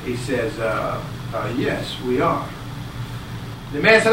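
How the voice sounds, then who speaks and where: A man giving a sermon, telling a story with acted-out quotes and swinging between loud and hushed delivery. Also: medium pitch, big pitch swings, slow, recorded from a distance. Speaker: speaker giving a Bible talk. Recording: echoey hall, speaker away from mic, audible noise.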